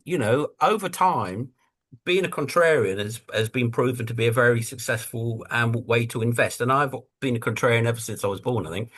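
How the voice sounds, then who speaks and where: A man talking as a guest in a casual conversational interview over a video call, telling stories and acting out what other people say. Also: mid-range voice. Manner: animated storyteller who acts out quotes. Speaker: guest investor and writer.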